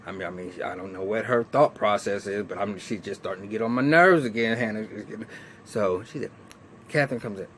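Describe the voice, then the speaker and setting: A man's voice: on the low side, brisk, a bit bright, slight background noise. Chatty man recapping a TV episode. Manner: chatty, frequent restarts, colloquial, laughs often. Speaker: TV episode reviewer. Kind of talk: casual recap and commentary.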